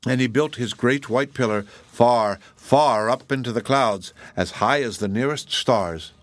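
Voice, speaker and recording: Guy reading a fairy tale aloud, steady, middle pitch, dry close sound. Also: unhurried, dry recording. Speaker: narrator. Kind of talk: storybook reading.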